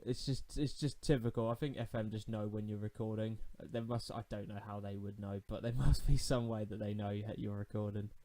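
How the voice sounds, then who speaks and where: A man commentating his own football management game for his channel, talking nervously and shouting out at big moments. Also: fairly low pitch, fairly even intonation, brisk, hardly any pauses, slight background noise. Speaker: gaming YouTuber. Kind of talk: let's-play commentary.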